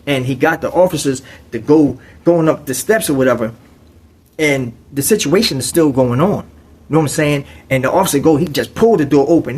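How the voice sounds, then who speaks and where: A man's voice: on the high side, normal speed, slightly rough. A man telling a story in casual, streetwise slang, with frequent conversational asides.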